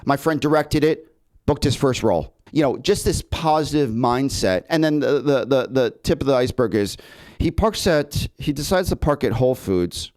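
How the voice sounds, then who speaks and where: A man's voice: mid-range voice, moderate pace. A man who hosts a podcast for actors, telling stories in casual chat, stammering and repeating words as he goes. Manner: animated storytelling, frequent repeated words.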